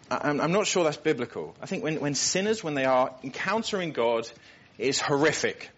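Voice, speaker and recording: A man's voice: medium pitch, a bit bright, slight background noise. A man preaching a sermon, earnest and emphatic, often repeating words as he builds a point. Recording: dull lo-fi recording.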